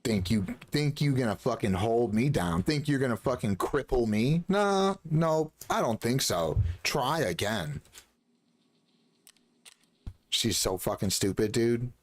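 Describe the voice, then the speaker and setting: A man live-streaming a game, talking casually and ranting heatedly with lots of swearing, sometimes mocking others in a shrill voice. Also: lively intonation, a little slow.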